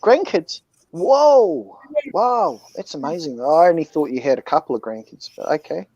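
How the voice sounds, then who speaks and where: A man's voice: fairly high pitch, a little fast, creaky, a little mellow, dry recording. A man in his forties chatting casually over a phone call, rambling and hesitant. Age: 40s. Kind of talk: casual chat.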